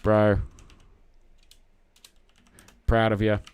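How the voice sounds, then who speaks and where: A man's voice: fairly low pitch, monotone, very slow, a little mellow, clean tone. A young man hosting a casual live stream, chatting to viewers in a rambling, matey way with lots of fillers and restarts. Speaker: livestream host reading chat.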